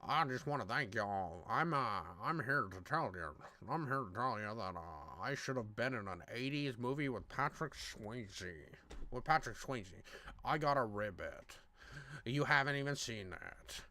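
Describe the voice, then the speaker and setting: A man doing a mocking impression of a slow, droning male rapper who boasts in rhyme with a low, sluggish mumble. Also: lively intonation, pushed and bright.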